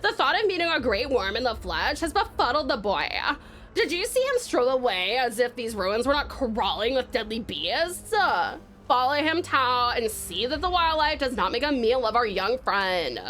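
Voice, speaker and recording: A woman's voice: a little high, very animated, normal speed, fairly bright tone. A woman reading a formal, old-fashioned game companion's lines aloud in stately phrasing. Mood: measured.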